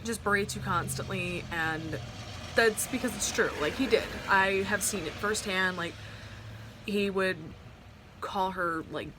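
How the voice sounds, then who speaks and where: A woman's voice: on the low side, a bit bright, a little hiss or hum. Young woman rambling through a heartfelt story. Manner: rambling, heartfelt storytelling with many fillers and restarts. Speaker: vlogger. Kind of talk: casual storytime vlog. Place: at home by an open window. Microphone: phone camera.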